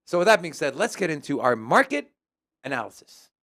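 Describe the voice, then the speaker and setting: A man's voice: a little high, brisk. A man hosting a crypto news show, joking with his co-host and then walking through charts in a casual way. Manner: joking, animated, teasing banter. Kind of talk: casual chat and chart analysis.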